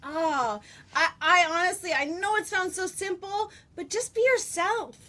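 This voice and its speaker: A woman in her forties chatting as an interview guest, bubbly and quick to laugh. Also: extremely high pitch, pushed and bright. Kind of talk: casual interview chat.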